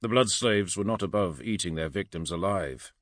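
Man reading dark fantasy in a dry voice. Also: lively intonation, no echo. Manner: low, dramatic, measured reading. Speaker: narrator. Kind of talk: audiobook fantasy narration.

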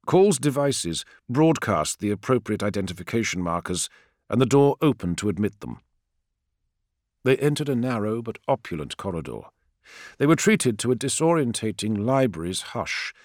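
A man reading a sci-fi novel aloud as narrator, with an expressive storytelling delivery. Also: on the low side, no room sound, clean studio sound. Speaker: audiobook narrator. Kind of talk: scripted narration.

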